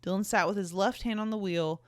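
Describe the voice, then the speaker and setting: A woman's voice: medium pitch, fairly quick, no room sound, clean studio sound. A young woman hosting a podcast, reading her old fan fiction aloud and mocking it with sarcastic, giggly asides and plenty of swearing. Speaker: podcast host. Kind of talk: casual reading and commentary.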